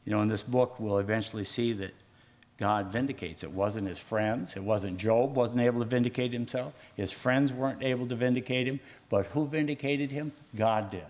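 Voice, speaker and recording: A man preaching a sermon as pastor, reading scripture with rising fervor and dropping low and soft on solemn points. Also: normal speed. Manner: rises in pitch and volume when reading scripture aloud.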